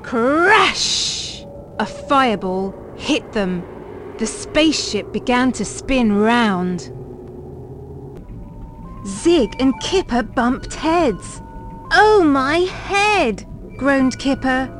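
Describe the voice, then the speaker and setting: A woman reading a children's picture book aloud, clear and deliberate, paced for young learners. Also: fairly high pitch, animated, music in the background. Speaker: storybook reader.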